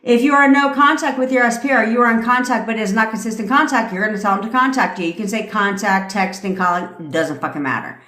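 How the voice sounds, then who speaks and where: A woman's voice: a little high, fast, hardly any pauses, bright, forceful tone. A woman in her thirties ranting on a live stream as a manifestation coach, blunt, commanding and full of swearing. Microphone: phone mic. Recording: echoey room.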